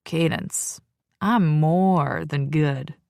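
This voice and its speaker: Woman doing a cocky crude biker guy, teasing and suggestive, lowish and dry. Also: drawn-out words, creaky, a little mellow, dry recording, exaggerated voice.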